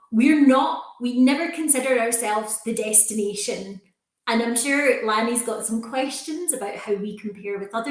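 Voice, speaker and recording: A woman's voice: a little high, reverberant, low-quality recording. A woman with a Scottish accent, a university recruitment manager, presenting in a friendly, reassuring way in a webinar.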